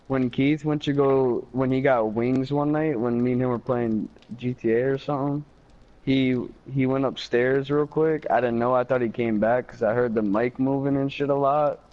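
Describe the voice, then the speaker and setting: A man's voice: medium pitch, steady tone, normal speed. A young man from Michigan telling a story casually over a game headset, with fillers and swearing. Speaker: gamer chatting on a live stream. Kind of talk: casual chat. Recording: slightly dull party-chat audio.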